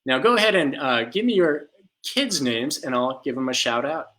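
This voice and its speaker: A man with a medium-pitched, very animated voice speaks at normal speed while teaching a live music class for small children from home. Playing a ukulele, he gently sings songs and makes animal sounds for the young kids.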